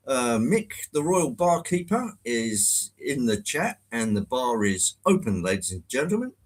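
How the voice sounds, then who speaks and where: A man hosting a live stream in a genial, rambling way, greeting viewers one by one. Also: mid-range voice. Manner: genial, rambling, chatty with fillers.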